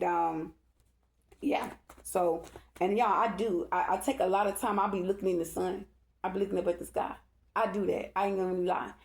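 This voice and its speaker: A woman's voice: fairly low pitch, creaky, a little mellow. Rambling woman in an echoey room. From Dallas-Fort Worth area, Texas. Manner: rambling, emphatic, repeats herself, often asks "okay?". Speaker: spiritual reader. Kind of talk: casual storytelling to her followers.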